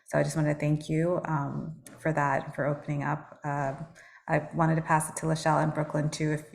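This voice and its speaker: A woman moderates an online panel discussion in a low, gravelly voice. She speaks in an even, flat tone and pauses often with fillers as she hands questions to the panelists. She is heard over a video call. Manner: hesitant, with frequent fillers.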